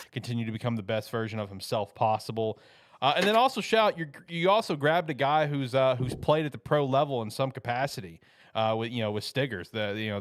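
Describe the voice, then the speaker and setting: A man's voice: medium pitch, no room sound, studio quality. A man co-hosting a football show, talking enthusiastically and emphatically about draft picks in casual chat.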